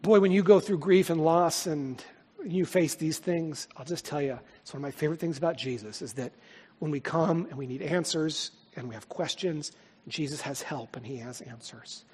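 A male pastor preaching a sermon with emphasis, moving between loud declarations and hushed, tender passages. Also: on the high side, moderate pace, slightly rough. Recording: long hall reverb.

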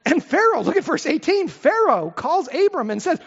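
A middle-aged man preaches in a chatty, expressive way, tossing out rhetorical questions and side remarks. His pitch rises and falls freely. The sound carries a long church-hall echo and is a little dull. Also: normal speed, vocal fry, hardly any pauses. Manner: lively, conversational preaching with asides and rhetorical questions. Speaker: pastor. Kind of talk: expository sermon.

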